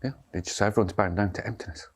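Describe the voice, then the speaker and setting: A man's voice: fairly low pitch, steady tone, rapid-fire. A man giving a dharma talk as a meditation teacher, speaking loosely and conversationally and often checking in with his listeners. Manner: conversational, checks in with tag questions.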